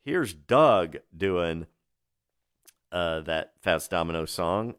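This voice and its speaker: Low-voiced male radio DJ, chatty and enthusiastic storyteller. Dry, close studio mic. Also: expressive, takes it slowly, fairly bright tone, smooth, dry recording. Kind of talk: radio music show patter.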